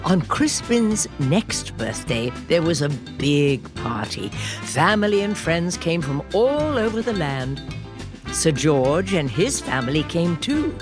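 A woman host reading a children's storybook aloud in a gentle, expressive way. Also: sits low, slow. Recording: music bed under the voice.

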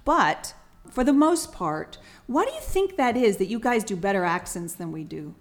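Cheeky chatty hostess. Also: female voice, medium pitch, big pitch swings, normal speed. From Atlanta. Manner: chatty, cheeky, swears playfully. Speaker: talk show host. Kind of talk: casual interview chat.

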